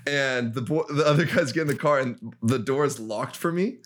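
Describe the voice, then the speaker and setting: A young man casually telling a story on a podcast, animated and laughing as he acts out the people in it. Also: mid-range voice, a little fast. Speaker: podcast co-host.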